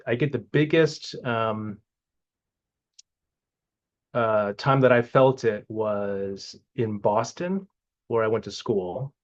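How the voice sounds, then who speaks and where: A man's voice: fairly low pitch, a little mellow. A man in his fifties from Hawaii, speaking in a casual, reflective interview and often restarting his sentences. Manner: hesitant, many restarts and fillers. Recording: muffled lo-fi recording.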